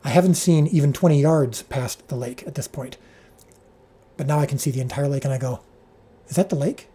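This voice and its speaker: A man who directs a show, telling an animated behind-the-scenes story on a livestream, full of restarts and fillers, his pitch leaping when he quotes people. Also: fairly quick, husky. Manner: frequent restarts and filler words.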